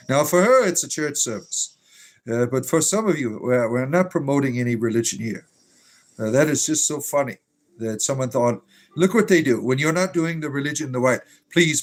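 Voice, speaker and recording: A man hosting a casual livestream, reading chat aloud and talking in an irreverent, profane, rambling way with lots of fillers, sometimes drifting away from the mic. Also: mid-range voice. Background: faint music.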